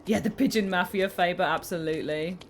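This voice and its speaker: A woman's voice: on the low side, fairly quick, slight background noise. A British woman chatting casually on a live stream, reading comments aloud and making giggly asides.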